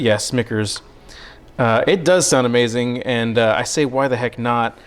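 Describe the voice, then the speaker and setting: Speaking at a medium pitch in a steady, clear, resonant tone, a man hosts a cooking livestream in his home kitchen, unhurried and pausing often, with faint music behind. He's winded from sawing but keeps up joking, rambling, self-deprecating chat with his audience as he works.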